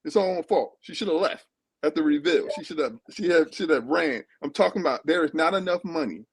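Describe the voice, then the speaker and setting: A man hosts a casual live-stream chat reviewing a reality show, speaking emphatically and repeating words as he stumbles over his thoughts. His voice is on the high side, brisk, and husky. The low-quality recording has no room sound.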